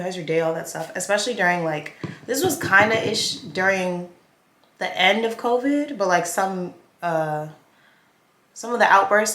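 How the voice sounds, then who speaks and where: A young woman chats through a messy storytime while putting on her makeup. She talks in a lively, animated way and acts out everyone's lines. The sound bounces around an echoey room. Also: medium pitch. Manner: chatty, animated, acts out quotes. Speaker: vlogger.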